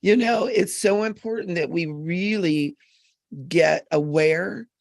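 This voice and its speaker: Woman, psychic medium, live-stream chatter, gravelly, earnest, emphatic, dry webcam sound. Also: on the low side, takes it slowly, a little mellow, no echo.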